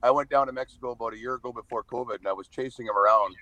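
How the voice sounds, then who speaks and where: A man's voice: mid-range voice, racing, pushed and bright, no echo, poor audio. Blunt, swearing man on a call. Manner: blunt, profane, swears freely. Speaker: podcast guest, reality show star. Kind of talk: casual storytelling on a call. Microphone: phone or video call over wifi.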